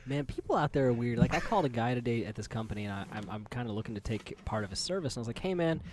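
A man chatting on a podcast, his pitch bouncing widely as he tells a story and breaks into big laughs. He swears freely and talks loosely. Faint noise sits under the recording. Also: lively intonation, very fast. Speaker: podcast co-host. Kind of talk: casual podcast chat.

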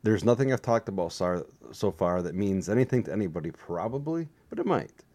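Man, vlogger, deep voice, warm tone, meandering, self-deprecating, tired. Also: animated, brisk. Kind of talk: rambling casual vlog.

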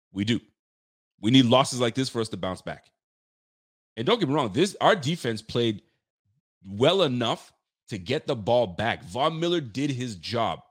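A fired-up man giving a rambling sports rant, full of restarts and street slang. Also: fairly low pitch. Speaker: sports fan commentator. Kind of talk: heated football rant.

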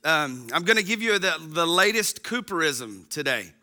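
A man's voice: a little high, sing-song, normal speed, bright, forceful tone. A man in his thirties giving a casual, folksy sermon as a pastor to an online congregation, chatty with frequent ums.

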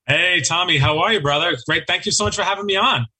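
A man's voice: high-pitched, fast, bright, forceful tone, breathy edge. A man joining as an interview guest over a remote call, friendly and emphatic. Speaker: nonprofit CEO, guest. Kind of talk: casual interview chat.

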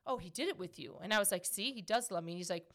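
Bright-voiced chatty woman podcast host. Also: mid-range voice, rapid-fire. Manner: chatty, animated, laughs often. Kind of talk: casual podcast Q&A chat.

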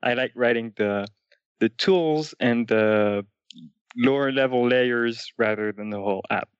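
A man, a UI engineer and podcast guest, talking thoughtfully with many pauses. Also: mid-range voice, clear, resonant tone, no room sound. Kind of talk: casual tech interview. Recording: dull, lo-fi dry remote mic.

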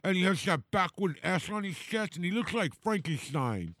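A man's voice: sits high, lively intonation, moderate pace, fairly bright tone, no echo. A man co-hosting a podcast in casual chat, joking crudely and swearing a lot. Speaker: podcast co-host.

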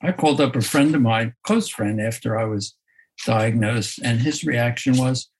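A man, a photographer, talking in a slow, thoughtful way in an interview, often restarting his sentences and laughing softly. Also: medium pitch, husky, rough recording. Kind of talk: reflective conversational interview.

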